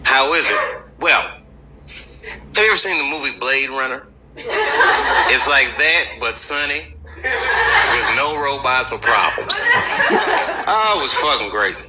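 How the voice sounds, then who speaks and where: Man, stand-up comedy set, crowd banter, lively pitch, noisy playback. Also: slow, pauses often. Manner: loose storytelling with crowd work. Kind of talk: stand-up routine played in a reaction video.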